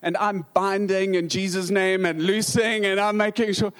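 A man with a South African accent, a pastor telling humorous stories in a sermon, halting with many restarts and dry humor. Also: high voice, flat delivery, a bit bright.

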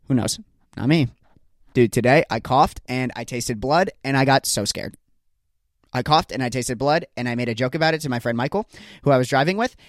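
A young man with a medium-pitched voice hosts a solo comedy podcast on a studio podcast mic, with no echo. He rambles through stories with exasperated, self-mocking energy.

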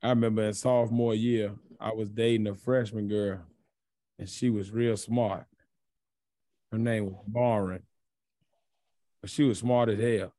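A man's voice: on the low side, unhurried, pauses often, dry recording, studio quality. Laughing, profane young man telling stories. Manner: animated storytelling, laughs often, profane. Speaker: podcast co-host. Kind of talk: casual chat.

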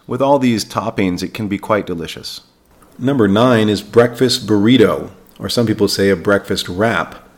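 A man hosting an English-learning podcast, reading a vocabulary lesson and spelling words out slowly for learners. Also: fairly low pitch. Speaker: podcast host, English teacher.

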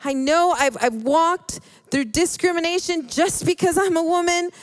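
A woman preaching a sermon in an earnest, halting way, often restarting her words. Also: very high-pitched, dry recording. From Hispanic background.

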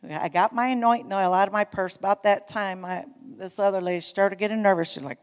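A woman preaching a sermon, telling a story with animated emphasis and urging her congregation on. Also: mid-range voice, brisk, hardly any pauses, long reverb tail. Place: church sanctuary.

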